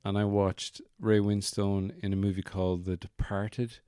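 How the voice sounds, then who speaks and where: A man's voice: lowish voice, flat delivery, moderate pace, dark tone, clean tone, no room sound, studio quality. A man hosting a podcast from his bedroom, chatting casually with playful, joking asides. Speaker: podcast host. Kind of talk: casual chat.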